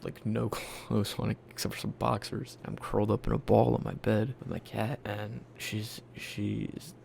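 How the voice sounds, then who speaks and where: Gravelly young man telling his story. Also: on the low side, flat delivery, measured pace, darkish tone, slight background noise. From Virginia, US. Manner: blunt, profane, candid, acts out quoted lines. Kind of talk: casual personal storytelling.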